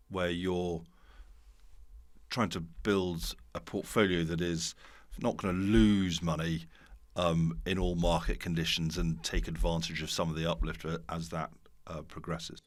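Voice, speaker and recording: A man interviewing a fund manager, asking measured questions. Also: low-pitched.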